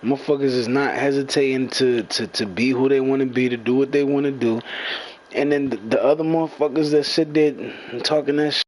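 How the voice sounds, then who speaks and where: A man's voice: medium pitch, steady tone, a little fast, darkish tone, slight background noise, rough recording. A young man in a heated, profane rant to his followers. He talks in a mid-range voice, circles back over the same points, and keeps turning on his critics. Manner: profane, repetitive, confrontational. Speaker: gamer venting to followers. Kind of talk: angry rant.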